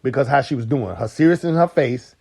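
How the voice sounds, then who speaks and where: A man's voice: mid-range voice, fast talker, vocal fry. A man co-hosting a podcast, arguing his point in casual debate with frequent laughter. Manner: lively, laughs often, argumentative. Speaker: podcast co-host.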